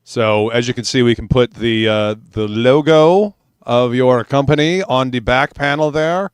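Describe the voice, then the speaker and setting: A man hosting a loose livestream hangout, talking in a rambling way full of fillers and frequent swearing. His voice is smooth and resonant at a middle pitch. The recording is dry and close. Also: a little slow, no room sound. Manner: profane, rambling with many fillers. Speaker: host. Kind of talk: casual livestream chat.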